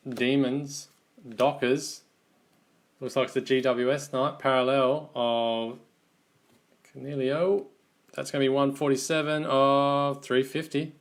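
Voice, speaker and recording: An Australian man runs a live card break, naming each team and player as the cards come out. He talks at a slow, easy pace with a mid-range voice, relaxed and chatty with his viewers. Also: medium pitch, gravelly. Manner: unhurried, relaxed running commentary, calling out teams one by one. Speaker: card box break host.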